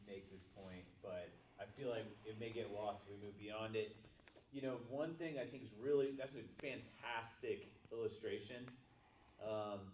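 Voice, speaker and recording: A man's voice: fairly low pitch, slight background noise. A man joining a lecture discussion, speaking thoughtfully and with some hesitation. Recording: echoey room from far off.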